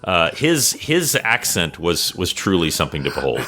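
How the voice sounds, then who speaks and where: Brief: low, bright man running a tabletop game, chatty, full of fillers. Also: very animated, moderate pace. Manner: chatty, hesitant with many fillers. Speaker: game master.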